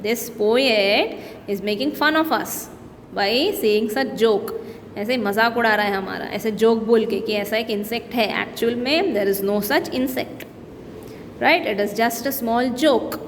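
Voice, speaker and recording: A woman's voice: fairly high pitch, fast. A woman teacher with an Indian English accent, reading poem lines aloud and explaining them in simple words to young students. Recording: long-reverb room with faint background noise.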